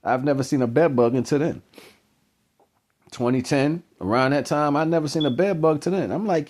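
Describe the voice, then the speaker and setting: A man hosting his own channel, telling a personal story in a casual, animated, slangy way that keeps circling back on itself. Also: on the high side, normal speed, slight background noise. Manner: animated, slangy, repeats himself. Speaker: channel host.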